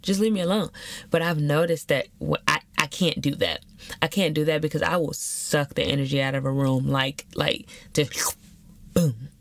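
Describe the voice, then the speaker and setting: A woman's voice: deep voice, steady tone, normal speed, vocal fry, a bit bright, no room sound. A young woman hosting a podcast, talking candidly and animatedly in slangy casual chat. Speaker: podcast host.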